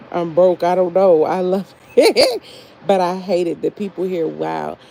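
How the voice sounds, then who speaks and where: A young woman chatting casually on a livestream, profane and animated as she reads chat aloud. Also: on the low side, slow pace, vocal fry, slight background noise, low-quality recording. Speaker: livestream host.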